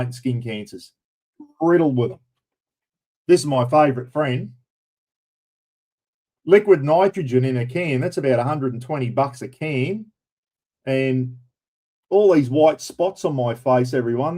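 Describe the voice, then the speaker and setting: A man's voice: mid-range voice, darkish tone. An Australian man in his fifties hosting a live stream, chatting casually in a rambling, blokey way, peppered with "mate" and "bloody". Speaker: livestream host.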